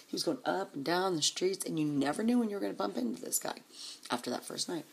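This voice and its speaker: A woman's voice: lowish voice, animated, quick pace, gravelly, a little hiss or hum. A woman vlogger telling a rambling, profane story in a casual way, chuckling as she goes.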